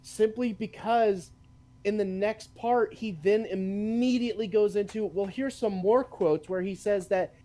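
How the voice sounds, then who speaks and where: A man co-hosting a casual stream chat, explaining in a relaxed way with casual swearing. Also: high voice, measured pace. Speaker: stream co-host.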